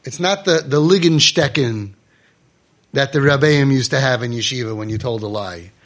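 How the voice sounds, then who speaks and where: A man's voice: mid-range voice, normal speed, lightly acted. Guy doing moses answering god, earnest, humble, explaining.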